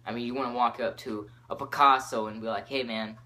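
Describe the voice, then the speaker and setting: A man's voice: medium pitch, fast, a little hiss or hum. Teen guy ranting on his podcast, jumpy, lots of likes and ums. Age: teens. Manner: excitable, jumps topics, lots of fillers. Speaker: podcast host. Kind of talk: rambling solo podcast.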